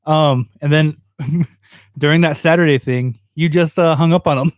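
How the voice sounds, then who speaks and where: A man co-hosting a casual podcast, tossing in quick jokes. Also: on the high side, steady tone, dry recording. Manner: joking, quick quips. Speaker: podcast co-host. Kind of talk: casual chat.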